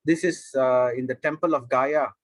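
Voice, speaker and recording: A man's voice: mid-range voice, fairly even intonation, normal speed, no echo, poor audio. A man teaching a scripture class, explaining at length with frequent restarts and fillers.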